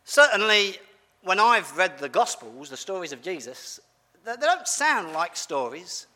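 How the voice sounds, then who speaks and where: A man preaching a family-friendly sermon in a big hall, with long reverb trailing each phrase. His voice is high and very bright, and it swoops up and down as he quizzes the crowd in a playful, animated way. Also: unhurried. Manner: animated, asks the audience questions, playful.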